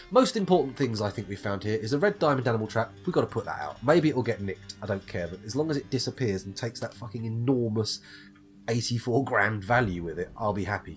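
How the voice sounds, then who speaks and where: A man from the UK giving casual, wry commentary while streaming a game live, reading item text aloud and swearing in jest. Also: mid-range voice. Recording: faint background game music.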